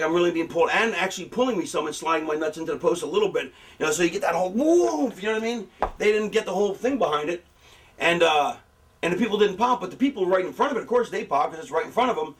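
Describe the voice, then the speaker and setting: A middle-aged man casually telling wrestling stories in an animated, profane way. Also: high voice, distant mic. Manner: profane, animated, acts out quotes. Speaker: veteran wrestler explaining booking. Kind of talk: casual storytelling.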